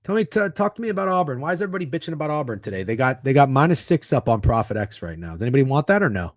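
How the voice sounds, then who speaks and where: A man's voice: mid-range voice, big pitch swings, rapid-fire, dry recording, studio quality. A man hosting a sports betting stream, chatting casually in a rambling, profane, sarcastic way. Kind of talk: casual livestream chat.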